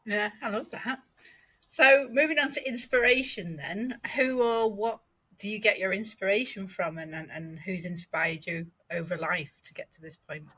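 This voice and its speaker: A woman's voice: medium pitch, normal speed, pushed and bright, slightly rough, rough recording. A woman with a northern English accent hosting a podcast, encouraging her guest and asking long, rambling questions. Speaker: podcast host. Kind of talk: casual conversational interview.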